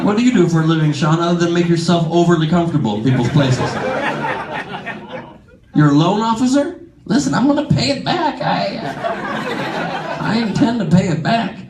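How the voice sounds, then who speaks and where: A man's voice: high-pitched, lively intonation, a little fast, reverberant, low-quality recording. A man doing improvised crowd work on a comedy club stage, teasing the audience in a brash, profane way. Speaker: stand-up comedian. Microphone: handheld stage mic. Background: laughing crowd.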